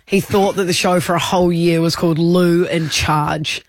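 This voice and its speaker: Bossy radio host, playful. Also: female voice, lowish voice, steady tone, moderate pace, no room sound. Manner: bossy, playful, laughs often. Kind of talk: breakfast-radio banter.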